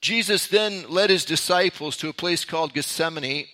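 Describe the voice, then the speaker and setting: Male Bible teacher, bright, slightly high voice, earnest storytelling with a playful streak. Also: moderate pace. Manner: playful mock newscaster opening, then earnest storytelling.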